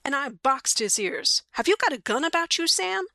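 Woman reading a skittish outlaw man with a high, bright, fretting drawl. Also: very animated, normal speed, creaky, no room sound, studio quality, exaggerated voice. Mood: fretful. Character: rough grown male outlaw, nervous and complaining.

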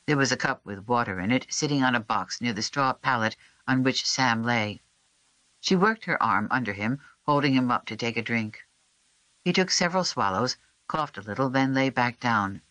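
An audiobook narrator reading a historical novel in a measured, even storytelling voice. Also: mid-range voice, dry recording. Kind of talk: scripted narration.

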